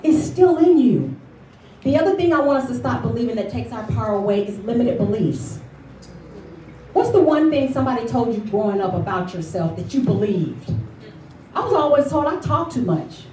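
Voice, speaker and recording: A woman giving a lively motivational speech at a luncheon, telling her story and calling for responses from the audience. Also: fairly high pitch, normal speed, slight background noise. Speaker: motivational speaker. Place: event hall at a luncheon. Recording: echoey hall recorded from far off.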